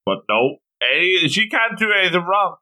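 A man's voice: high-pitched, very animated, normal speed, bright, forceful tone. A man co-hosting a casual manga podcast, chiming in with short quips. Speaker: podcast co-host.

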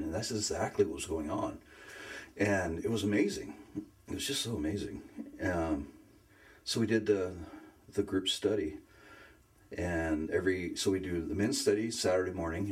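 A man telling his faith story in a casual conversation, earnest and emotional, often pausing to search for words. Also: low voice. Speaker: guest sharing faith story.

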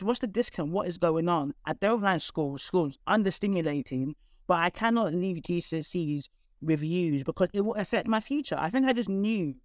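A woman, a guest telling her life story in conversation, candid and animated with quick asides. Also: on the low side, no room sound, clean studio sound. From London, England.

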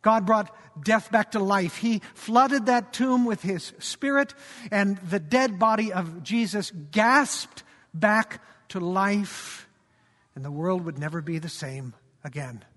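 A male pastor delivers a sermon as dramatic storytelling, pressing his listeners with rhetorical questions. His voice sits high for a man. Every phrase trails off into a long hall reverb. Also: slow pace, fairly bright tone.

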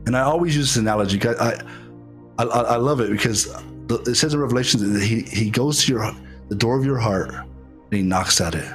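A man preaching an online sermon, halting and repeating his words, earnest and heartfelt, calling viewers to prayer. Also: medium pitch, soft background music. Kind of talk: online sermon with altar call.

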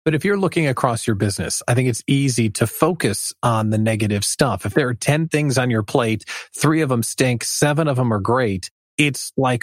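A man's voice: medium pitch, animated, normal speed, few pauses, dry recording, studio quality. A man hosting a podcast for small business owners, talking in a friendly, conversational way. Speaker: podcast host. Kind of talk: podcast interview.

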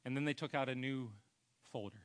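A male pastor preaching a sermon with earnest personal storytelling, often trailing off into a soft, low voice. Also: fairly quick, smooth.

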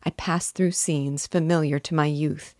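Brief: woman narrator, low voice, dry close sound, measured expressive novel reading. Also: no room sound. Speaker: book reading guide. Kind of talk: reading a classic novel aloud.

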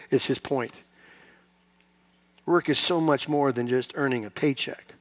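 A middle-aged man preaching a sermon in a church, conversational and self-deprecating, swinging between loud emphatic peaks and quiet asides. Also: mid-range voice, a little slow, long pauses. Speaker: pastor. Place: church sanctuary.

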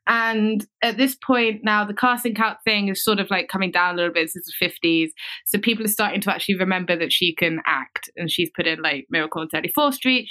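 A woman, a podcast guest telling a story in an animated way, laughing and swearing freely. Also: mid-range voice. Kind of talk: casual storytelling chat.

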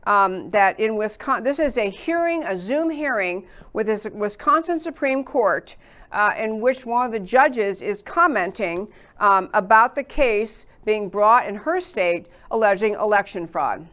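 A woman's voice: mid-range voice, expressive, a little slow, a bit bright. A woman hosting a political talk show, rambling through her commentary with many fillers and restarts. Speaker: show host.

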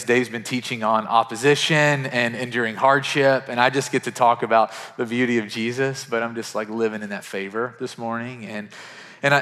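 A pastor in his thirties from western Kentucky preaches a sermon in a medium-pitched voice, earnest and conversational. He restarts phrases and drops to a hush for quoted lines. It's recorded in a church sanctuary with long reverb.

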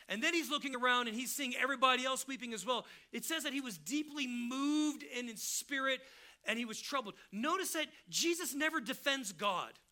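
High, sharp-voiced male preacher. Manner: casual, emphatic preaching that acts out the people he quotes. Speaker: pastor. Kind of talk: sermon.

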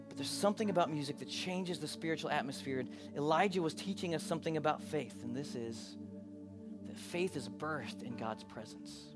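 A pastor preaching a sermon, moving between hushed, intimate moments and loud, animated bursts. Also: male voice, a little high, fairly quick. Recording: preaching over live keyboard music.

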